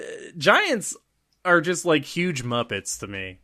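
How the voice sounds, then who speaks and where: A man casually recapping a comic chapter on a podcast, animated and slipping into quick character voices. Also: fairly high pitch, no echo, clean studio sound.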